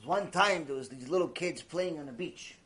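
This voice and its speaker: A man's voice: fairly high pitch, moderate pace. A man teaching a mussar lecture, who tells stories with lots of life, repeats his phrases and mixes in terms. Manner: animated storytelling with Hebrew terms, repeats phrases. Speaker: Torah teacher.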